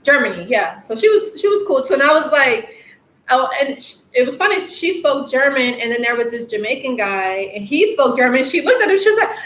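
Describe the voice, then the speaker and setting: A fairly high-voiced woman chats loosely on a live stream, meandering through stories with plenty of "um" and "you know". The room around her rings with echo, and a faint hiss sits under her voice. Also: big pitch swings, a little fast, fairly bright tone. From United States. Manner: rambling, lots of fillers, laughs often. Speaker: life coach hosting a live stream. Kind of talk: casual live-stream chat reading viewer comments. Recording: echoey room with faint noise.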